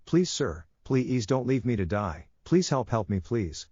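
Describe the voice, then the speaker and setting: A man's voice: mid-range voice, very animated, unhurried, a little mellow, slightly rough, no room sound. A man voicing a weeping stranger who begs over and over for help, in dull lo-fi audio. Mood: pleading. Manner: desperate repetitive pleading. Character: weeping naked stranger, maybe not human.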